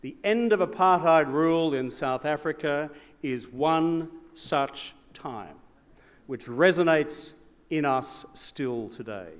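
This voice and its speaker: A man's voice: a little high, expressive, slow pace. Australian man giving a stirring hall speech. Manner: rhetorical, building repetition. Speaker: speaker. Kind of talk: formal speech with asides. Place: large hall at an evening event. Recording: long hall reverb.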